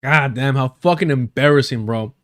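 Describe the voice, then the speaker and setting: A man's voice: medium pitch, moderate pace, a bit bright. A man hosting a live stream, giving blunt, profane and emphatic casual commentary while reacting to clips.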